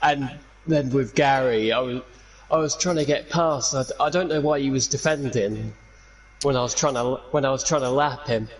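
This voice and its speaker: A man who has just won a race, out of breath and excitable, who repeats words as he talks. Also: medium pitch, moderate pace, rough recording. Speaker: winning racing driver interviewed.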